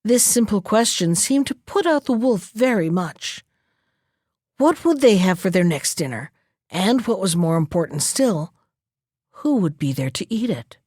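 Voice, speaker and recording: A woman storyteller reading a folktale aloud in a clear, expressive way. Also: medium pitch, a little slow, dry recording, studio quality. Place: library.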